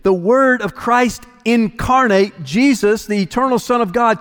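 A man with a high, light voice preaching a sermon, driving home his points with emphatic repetition. His words ring out with a long hall reverb, as in a large church sanctuary. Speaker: pastor.

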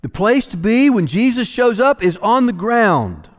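A man preaching a sermon as pastor, emphatic, repeating phrases for weight and moving between hushed and raised delivery. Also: high-pitched, sing-song, a little slow. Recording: long reverb of a large hall.

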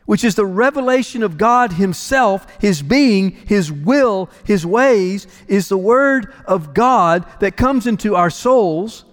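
A man with a high, light voice preaching a sermon, driving home his points with emphatic repetition. His words ring out with a long hall reverb, as in a large church sanctuary. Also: expressive, slow pace, few pauses. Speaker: pastor.

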